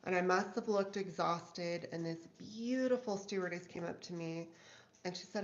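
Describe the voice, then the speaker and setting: A middle-aged woman, a guest on a home live stream, telling travel stories in a lively, chatty way. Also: on the low side, normal speed, dull audio. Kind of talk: casual storytelling chat.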